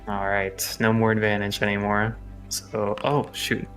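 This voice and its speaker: A man chatting casually as a player in a tabletop game, easygoing and quick to laugh. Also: on the low side, completely flat delivery, a bit bright, faint music behind.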